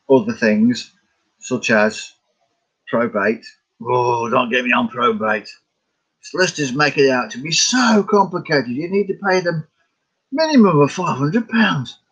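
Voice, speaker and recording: A man's voice: medium pitch, animated, a little slow, fairly bright tone, husky, poor audio. A middle-aged Scottish man chatting casually about his paintings, rambling, chuckling and answering his own questions. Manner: rambling, chuckling, talks to himself. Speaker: artist vlogger.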